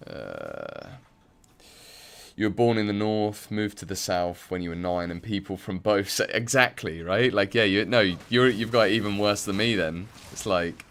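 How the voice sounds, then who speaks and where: A man's voice: fairly low pitch, lively intonation, normal speed, a bit bright. A young English man from the Midlands chatting casually and rambling with many fillers while he plays a game on stream. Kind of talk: casual chat while playing.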